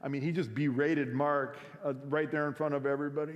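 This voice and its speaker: A man's voice: a little high, fairly even intonation, fairly quick, hardly any pauses. Guy preaching to students, chatty storytelling, lotsa uh's, echoey hall. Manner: casual, conversational, many fillers. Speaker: week of prayer speaker. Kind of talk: sermon storytelling. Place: school chapel or auditorium.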